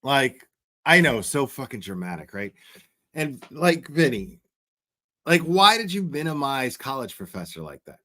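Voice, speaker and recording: Man ranting sarcastically with lively pitch. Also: measured pace, long pauses. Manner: sarcastic, profane ranting with many fillers; chews gum while talking. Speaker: livestream host. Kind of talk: reaction livestream commentary.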